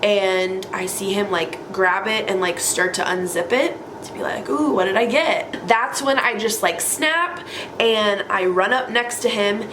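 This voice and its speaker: A young woman casually telling a story to camera, chatty and animated, leaning on "like" a lot. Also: mid-range voice, measured pace, background noise. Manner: animated, chatty, heavy use of "like". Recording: echoey room.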